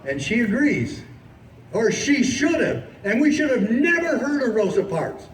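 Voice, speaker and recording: High-voiced man preaching at an echoey outdoor rally. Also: sing-song, a little slow, recorded from a distance, a little hiss or hum. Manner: impassioned storytelling, emphatic and preachy. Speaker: sheriff and political activist. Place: outdoors at a city hall.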